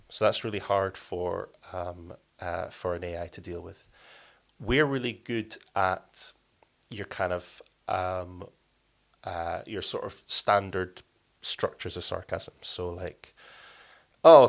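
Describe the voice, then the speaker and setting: A man speaking as a podcast guest, explaining his work in relaxed interview talk, with frequent restarts and fillers. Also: sits low, creaky. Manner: thoughtful, many restarts and fillers. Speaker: podcast guest, company co-founder.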